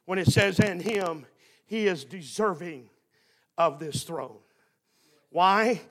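A man preaching a fiery revival sermon, swinging from quiet, close talk to shouted, repeated lines. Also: sits high, animated, slow.

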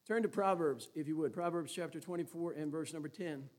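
A man's voice: a little high, fairly quick, darkish tone. A man preaching a sermon as a Baptist pastor, folksy and joking, then emphatic.

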